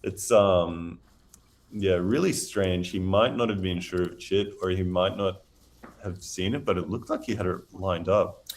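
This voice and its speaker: A man with a low, deep voice talking through a live word game. He is chatty and analytical, breaking into easy laughter. His commentary is casual and unscripted. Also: steady tone, measured pace.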